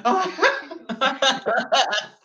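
A male host with an easygoing manner who laughs often. He talks slowly in a bright, sharp voice. His chat with his guest is loose and relaxed. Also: very high voice, dull audio, slight background noise. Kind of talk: casual interview chat.

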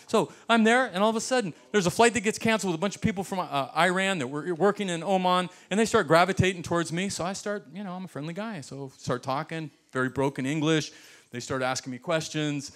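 A man from the United States, a pastor telling a story in a sermon, animated and chuckling as he acts out the people in it. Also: sits high, fast. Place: church sanctuary.

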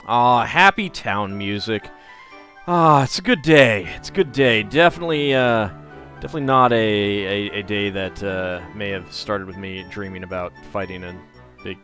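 A man hosting a game playthrough, joking casually and reading item text aloud with excited bursts. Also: on the low side, moderate pace, soft background music. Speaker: let's play host.

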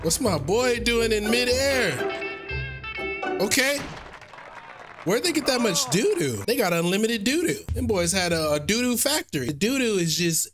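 A man giving casual, excitable gameplay commentary, loud and profane, with plenty of slang. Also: high-pitched, normal speed, over music. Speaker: gaming YouTuber.

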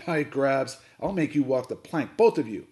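A man's voice: medium pitch, expressive, normal speed, close to an everyday voice. Man doing a roaring, hot-tempered sea captain, Captain Swain. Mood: furious. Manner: roaring, bellowing shouts.

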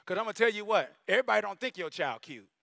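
Bishop guy preaching, gravelly fry in his voice, gets loud and animated, dry close sound. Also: sits high, very fast, no room sound. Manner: animated, storytelling, rises to shouting, chuckles. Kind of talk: sermon. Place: church sanctuary.

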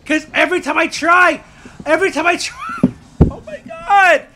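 A man commentating his wrestling video game play-by-play, shouting in mock outrage and calling out to the audience. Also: very high-pitched, very animated, moderate pace, background noise. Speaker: gameplay commentator.

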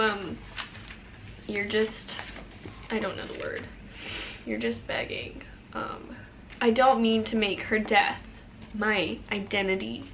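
A woman in her twenties with a slightly high voice talks straight to camera in a casual confessional vlog. She rambles softly and emotionally, leaning on "like" as she searches for words. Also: a little hiss or hum. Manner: rambling, heavy use of "like", soft and emotional. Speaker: vlogger.

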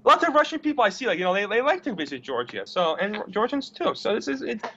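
A man's voice: high voice, big pitch swings, fast talker, bright, forceful tone. A young man in a casual interview, rambling and blunt, who swears and repeats his words. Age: young adult. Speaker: interview guest. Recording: dull lo-fi recording.

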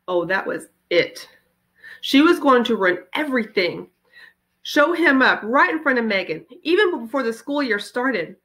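Expressive woman reading a children's book. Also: fairly high pitch, measured pace. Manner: expressive storytelling. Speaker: teacher reading aloud. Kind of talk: children's book read-aloud.

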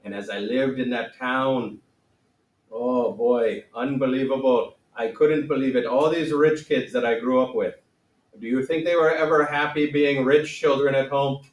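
A man's voice: fairly high pitch, unhurried, reverberant, recorded from a distance, dull audio, close to an everyday voice. A male teacher playing a jokey wise sage in comic classroom role-play, with a wobbly put-on accent and theatrical delivery. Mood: mock-solemn. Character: man playing the Buddha as a mock-solemn sage.

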